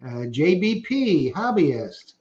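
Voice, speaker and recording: A man's voice: fairly high pitch, very animated, slow pace, a little mellow. Joking middle-aged man, roomy lo-fi audio. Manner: joking, rambling, laughs at his own stories. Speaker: livestream co-host reading viewer comments. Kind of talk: casual chat. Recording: roomy, dull lo-fi stream audio.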